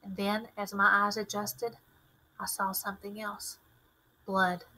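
A woman teacher reading a novel aloud with expressive, fluent narration. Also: mid-range voice, a little slow, poor audio.

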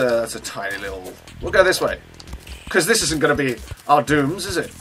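A man giving chatty, self-mocking let's play commentary at his computer, breaking into sudden excited outbursts. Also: medium pitch. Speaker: gaming channel host.

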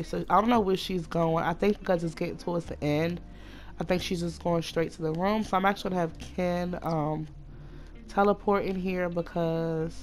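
Chatty woman narrating her life-sim game. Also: lowish voice. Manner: chatty, excitable, talks to viewers. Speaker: let's play host. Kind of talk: casual gameplay commentary.

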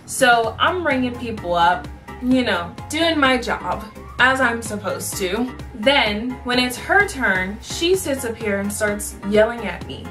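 A woman's voice: on the high side, expressive, slow, a bit bright, distant mic, soft background music. A woman vlogger animatedly telling a sassy story about her job as a cashier. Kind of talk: storytime vlog.

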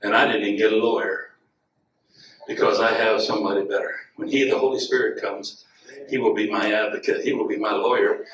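A man preaching a sermon as a guest preacher, talking to the congregation in an easy way and rising to loud, emphatic lines. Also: fairly low pitch, fairly even intonation, a little fast. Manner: chuckles and asides to the congregation. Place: church sanctuary. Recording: echoey church room, mic at a distance.

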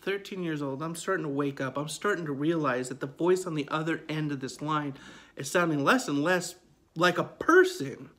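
A man's voice: a little high, moderate pace, a bit bright. A man in his forties telling a true ghost story in a conversational, emphatic way, often repeating his phrases. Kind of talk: casual spoken storytelling.

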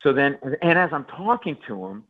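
On a tinny phone line, a guest comedian is interviewed on the radio and tells a story with plenty of energy, performing the quotes and stammers. His voice is fairly high and sing-song, at a moderate pace.

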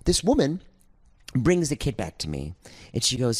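A man's voice: medium pitch, normal speed, breathy edge. A man co-hosting a podcast, telling a story in casual chat and acting out the other people's lines as he goes. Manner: animated storyteller, acts out quotes. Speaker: podcast co-host.

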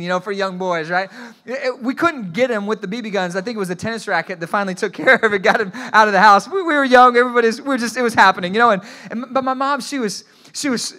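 Male pastor, sermon delivery, high bright voice, animated storyteller with frequent restarts. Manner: asks the congregation to repeat phrases.

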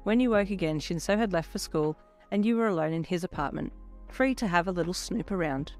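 A woman's voice: on the low side, fairly quick. Woman reading fanfiction aloud. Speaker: fanfiction reader. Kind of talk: second-person fanfiction narration. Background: soft electronic backing music.

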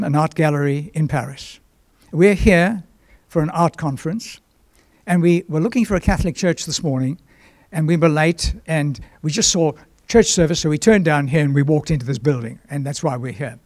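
An older man from South Africa preaching a sermon as pastor, telling a long story and often clearing his throat. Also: on the high side, normal speed, a little mellow, no echo.

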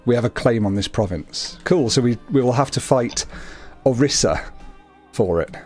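A man's voice: mid-range voice, lively intonation, normal speed, a little mellow, soft background music. A young man casually chatting through a co-op strategy game, chatty and self-amused. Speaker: game commentator. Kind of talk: casual co-op gameplay chat.

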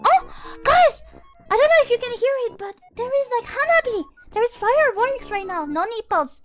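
A young woman streaming from her room, chatting in an excitable, shrieky way, swearing and dropping Japanese words. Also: very high voice, moderate pace, over music. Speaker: VTuber streamer. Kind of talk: casual live-stream chat.

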